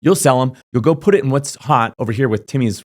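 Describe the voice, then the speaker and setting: A young man talking casually to camera, giving crypto advice in a rapid, emphatic way, full of fillers and checking in with "okay?". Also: medium pitch, animated. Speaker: crypto YouTuber.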